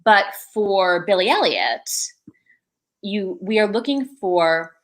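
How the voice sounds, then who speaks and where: A woman's voice: medium pitch, animated, slow. A woman, an associate director, chatting casually in an online video, with many fillers and laughs. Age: adult.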